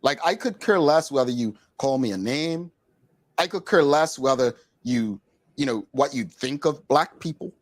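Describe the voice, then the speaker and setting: A man's voice: mid-range voice, lively intonation, normal speed. A Bermudian man hosting a talk show, speaking in an emphatic, opinionated, casual way from a studio.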